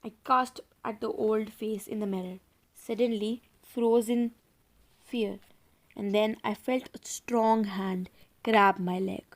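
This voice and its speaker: A woman's voice: mid-range voice, steady tone, slow. A woman narrating a children's horror audiobook in a suspenseful storytelling manner, now and then speaking directly to her listeners. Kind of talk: dramatic audiobook reading.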